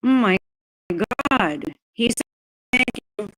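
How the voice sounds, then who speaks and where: A woman's voice: on the high side, lively intonation, slow, a bit bright, slight background noise. A woman hosting a casual livestream, ranting angrily and swearing, repeating herself often. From New Jersey, USA. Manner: angry, profane, repeats herself. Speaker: livestream host.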